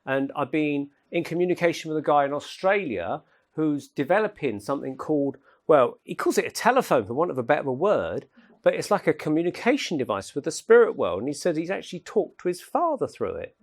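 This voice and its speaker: A man telling anecdotes in a relaxed, chatty lecture, laughing at his own jokes. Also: a little high, brisk. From England. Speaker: speaker at a paranormal talk. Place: lecture room at an event.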